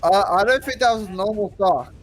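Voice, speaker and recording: A man's voice: high voice, moderate pace. A man playing in a tabletop game, speaking casually and hesitantly, often restarting his sentences. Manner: hesitant, stumbling over his words. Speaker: player. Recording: noisy line with hum.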